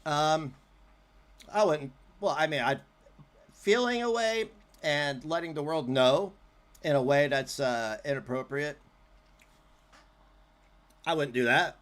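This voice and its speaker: A man's voice: a little high, slow pace, long pauses, fairly bright tone. A man streaming commentary on a clip, mocking and sarcastic, with frequent swearing.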